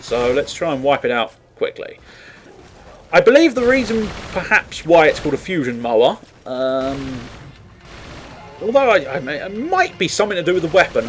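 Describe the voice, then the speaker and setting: A man's voice: on the high side, slight background noise. A man giving casual, rambling commentary while playing a game, swearing freely and laughing at himself. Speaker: gaming commentator.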